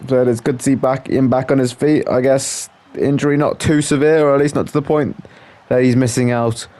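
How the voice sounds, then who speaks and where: A man's voice: medium pitch, steady tone, brisk, mellow. A man giving casual play-by-play commentary over a video game, with frequent exclamations and filler words. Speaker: gameplay commentator.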